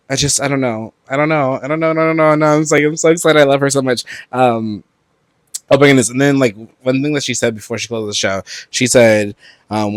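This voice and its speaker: A man from Brooklyn hosting a solo podcast, talking in a profane, animated way with loud outbursts and laughter. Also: medium pitch, fairly quick, no room sound. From Brooklyn, New York. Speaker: podcast host. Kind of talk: solo casual podcast chat.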